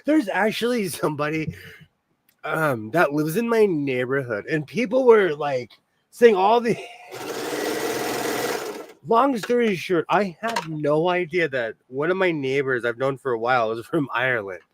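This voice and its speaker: Chatty man with a high voice. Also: expressive, measured pace, dry recording. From California. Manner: rambling, laughs often. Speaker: podcast host. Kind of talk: casual chat.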